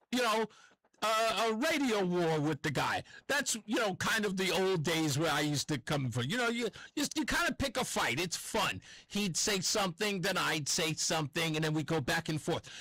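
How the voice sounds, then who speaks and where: A man with a New York accent holds forth on his radio show, his voice high and lively as it swoops up and down. He rambles, corrects himself and circles back to his points. The studio sound is dry and close. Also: no room sound, poor audio. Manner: animated, rambling, self-correcting. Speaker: radio talk host. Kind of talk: opinionated talk radio monologue.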